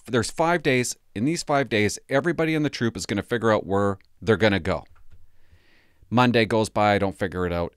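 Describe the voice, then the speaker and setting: A man spins a meandering personal story, cutting himself off, backtracking and chuckling as he goes. His voice sits fairly low but swings widely up and down. The sound is dry and close, with no room around it. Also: dry recording. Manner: rambling, self-interrupting, laughs at his own story. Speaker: former police cadet telling stories. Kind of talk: casual storytelling monologue.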